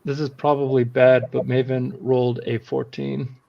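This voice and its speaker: A man playing a tabletop game, asking the game master questions in an unhurried way. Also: medium pitch, level tone, gravelly, dull audio, slight background noise. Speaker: player.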